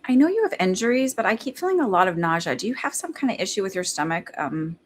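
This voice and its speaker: A woman's voice: mid-range voice, big pitch swings, quick pace. A woman giving a psychic reading in casual live-stream chat, rambling with lots of fillers and laughing between thoughts. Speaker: psychic medium.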